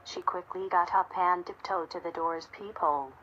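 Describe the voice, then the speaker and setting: A woman reading a story aloud in a steady, measured narration. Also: lowish voice, highs cut off, slight background noise. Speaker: audiobook narrator. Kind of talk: scripted narration.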